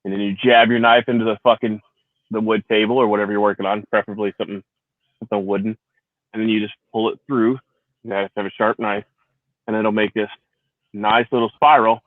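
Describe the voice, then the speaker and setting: A man's voice: on the low side, little pitch movement, quick pace, dry recording. A man who is a Marine veteran hosting a casual livestream, rambling and swearing freely, laughing often. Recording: tinny phone-like sound.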